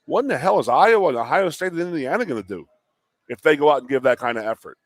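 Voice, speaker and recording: A man's voice: fairly high pitch, fast, dry recording. Sports talk co-host, male, fired up, stumbling over restarts, dry close mic. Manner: animated, worked up, repetitive restarts. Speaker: co-host, former player. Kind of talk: sports talk show chat.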